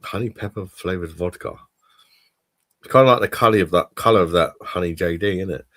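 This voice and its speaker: A man's voice: low-pitched, a little fast, fairly bright tone, a little hiss or hum. A man hosting a casual online pub chat, rambling and swearing cheerfully about food. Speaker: livestream pub chat host. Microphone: streaming call mic.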